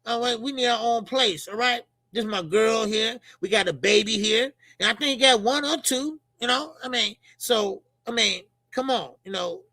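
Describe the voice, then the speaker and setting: A middle-aged man with a Chicago accent giving casual, profane, animated boxing commentary as a channel host. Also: very high-pitched, normal speed, few pauses, no room sound. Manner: animated, profane, laughing banter.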